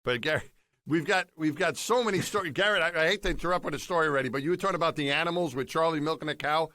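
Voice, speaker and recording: Fast-talking New Yorker telling stories. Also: male voice, fairly high pitch, bright, forceful tone, dry recording, clean studio sound. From New York City. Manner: rambling anecdotes with quick laughs. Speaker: podcast co-host. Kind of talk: casual storytelling chat.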